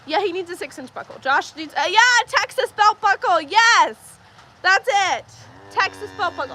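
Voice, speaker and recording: A young woman hosting a casual farm livestream, chatty and quick to laugh as she reads viewer comments aloud. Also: very high voice, lively intonation, pushed and bright, slight background noise. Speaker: livestream host. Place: farm barn with rain outside. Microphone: phone livestream.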